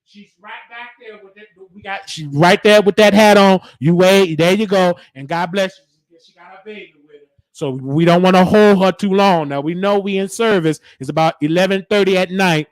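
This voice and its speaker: A man's voice: sits high, moderate pace, dry recording. A man delivering a comedic mock sermon in a preachy, scolding church cadence. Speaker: host.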